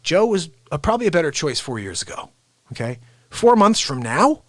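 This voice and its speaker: Animated man hosting a livestream. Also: a little high, no echo. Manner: animated, mocking, quick to switch into voices. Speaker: livestream host. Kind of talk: unscripted comedic talk.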